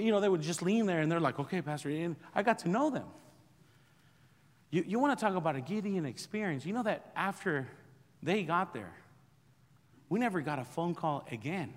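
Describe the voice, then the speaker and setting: A middle-aged man preaching as a pastor, telling a personal testimony in an animated, self-mocking way with frequent laughter. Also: sits high, long reverb tail. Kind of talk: sermon testimony storytelling.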